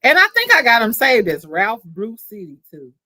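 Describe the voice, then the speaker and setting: A young adult woman hosting a casual livestream chat, telling stories in a candid, profane, animated way. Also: fairly high pitch, normal speed, no room sound. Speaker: livestream host.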